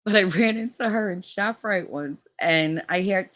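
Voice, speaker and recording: A woman's voice: normal speed, few pauses, a bit bright. A woman telling a gossipy story in a casual vlog, swearing freely and mimicking other people's voices. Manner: gossipy, profane, mimics others with big pitch jumps. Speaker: vlogger.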